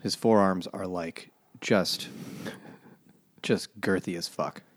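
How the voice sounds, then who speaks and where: A man with a low voice, chatting crudely and cheerfully as he retells a book's plot. He jumps into quick acted-out quotes, swears freely, and laughs at his own jokes. The sound is dry and close. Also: fairly even intonation, breathy edge, no room sound. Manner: profane, jokey, summarizes plot with acted quotes. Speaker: podcast co-host. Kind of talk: casual crude book-recap chat.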